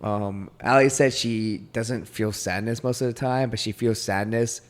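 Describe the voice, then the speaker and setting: A man's voice: on the low side, steady tone, unhurried. A young man co-hosting a podcast, chatting casually in a rambling, self-deprecating way with frequent laughs. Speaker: podcast co-host. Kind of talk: casual chat.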